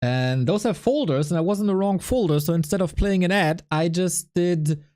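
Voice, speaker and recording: A woman's voice: fairly low pitch, expressive, moderate pace, mellow. A woman casting a game stream, chatting casually in a laid-back, self-mocking way and laughing often. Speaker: esports caster.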